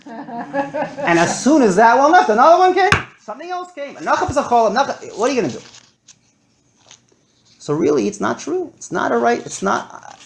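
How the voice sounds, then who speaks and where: A man lecturing to a live audience, animated and acting out his stories with big swings in his voice. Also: very high-pitched, gravelly, noisy background.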